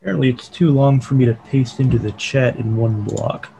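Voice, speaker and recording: A man leading an online Bible study over a video call. He reads quoted passages aloud and then explains them calmly. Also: medium pitch, a little fast, vocal fry, poor audio.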